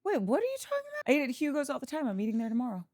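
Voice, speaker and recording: A woman co-hosting a podcast, talking in an animated, gushing way with quick exclamations. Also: sits high, no room sound, clean studio sound. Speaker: podcast co-host. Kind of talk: casual chat.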